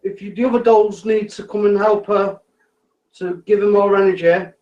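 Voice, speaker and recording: Guy on a ghost hunt, highish voice, begging spirits to mess with the lights, dull lo-fi sound. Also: fairly even intonation, normal speed, a little mellow. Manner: coaxing, repetitive requests. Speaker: ghost hunter.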